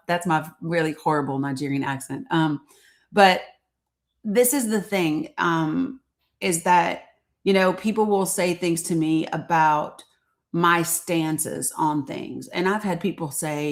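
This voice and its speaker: A woman's voice: lowish voice, measured pace. An American woman hosting a casual live stream, talking in a candid, outspoken, conversational way. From United States. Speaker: livestream host.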